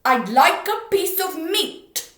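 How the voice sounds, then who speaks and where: A booming storybook man who roars every word at the top of his voice, as a woman reader puts him on. His lines come slow and heavy, and they ring in a roomy space. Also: very animated, full character voice. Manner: roaring, slow and shouted, then hushed. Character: loud booming male villager. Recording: roomy echo.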